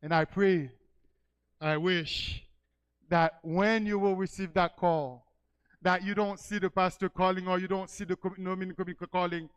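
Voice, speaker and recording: Smooth, high-voiced preaching pastor. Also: male voice, fairly even intonation, moderate pace, rough recording. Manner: storytelling, rising to emphatic preaching cries. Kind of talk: sermon.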